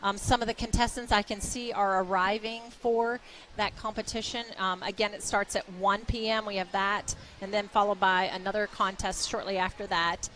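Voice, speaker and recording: A woman's voice: medium pitch, fairly even intonation, normal speed, few pauses, fairly bright tone, a little hiss or hum, low-quality recording. An older woman with a West Virginia accent co-hosting a live local fair broadcast, chatting and asking questions with frequent ums.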